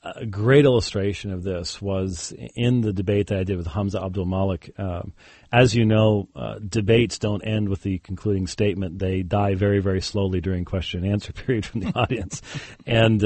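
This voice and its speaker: A man's voice: fairly low pitch, a little mellow, breathy edge, no room sound. A man who is a guest on an interview, a Christian debater telling a story casually with many fillers and chuckled asides. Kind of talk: conversational interview.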